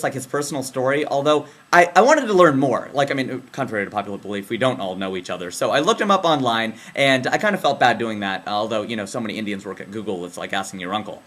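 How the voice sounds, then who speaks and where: A young man doing a casual, slangy comic commentary monologue, jumping between excited bursts and low deadpan asides. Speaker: comedian. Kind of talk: comedic political commentary monologue.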